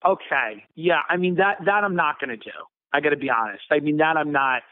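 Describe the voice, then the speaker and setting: A man's voice: fairly high pitch, a little fast, dry recording. A man on a phone call, stammering and bewildered, repeating himself as he tries to follow the conversation. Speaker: caller. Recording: tinny phone line.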